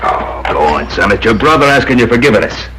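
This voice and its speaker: A man's voice: sing-song, brisk, pushed and bright, low-quality recording. An actor playing a stern but caring ranch father who speaks to his grown sons. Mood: fatherly. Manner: commanding, paternal, booming.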